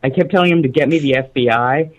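A man's voice: mid-range voice, quick pace, muffled recording. Man rambling through a story. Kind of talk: casual group chat.

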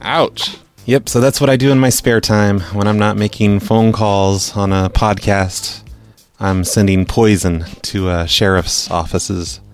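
A man hosting a podcast in loose, casual banter. His voice sits fairly low, and his delivery stays dry and sarcastic, with faint music underneath. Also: steady tone, unhurried. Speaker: podcast host.

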